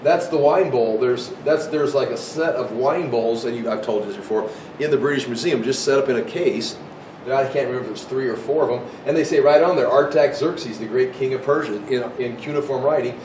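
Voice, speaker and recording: A man's voice: brisk, darkish tone. American man teaching Bible history, echoey room. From United States. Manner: rambling, with many restarts and asides. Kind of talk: casual classroom lecture. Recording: echoey room, mic far off, faint rumble.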